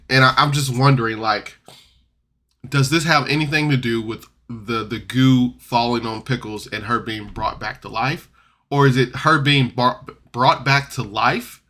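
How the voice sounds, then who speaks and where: A man recapping a tabletop game podcast episode in a loose, rambling way, jumping between loud outbursts and mumbled asides. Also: medium pitch. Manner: rambling, loose, full of "like" and restarts. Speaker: podcast reviewer. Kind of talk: casual recap and commentary.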